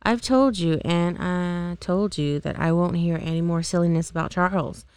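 An earnest young woman who gently scolds her little sister, read by a woman. Her voice sits low and a little gravelly. The sound is close and dry. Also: normal speed, dry recording, natural voice. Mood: chiding.

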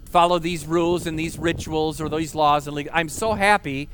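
A man's voice: fairly high pitch, steady tone, moderate pace, fairly bright tone, slight background noise. A man, a pastor preaching a sermon at an outdoor park service, earnest and emphatic, asking rhetorical questions and repeating key words.

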